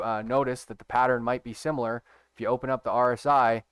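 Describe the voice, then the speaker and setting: A man's voice: mid-range voice, smooth, dry recording, studio quality. A man giving a casual screen-share trading tutorial, emphatic and profane, who keeps checking in with his viewers. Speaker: stock trading educator.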